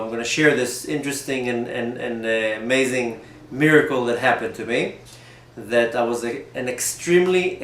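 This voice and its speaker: Man telling a story in a roomy echo. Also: medium pitch. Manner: animated, repeats and restarts words. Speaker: rabbi. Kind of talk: storytelling talk.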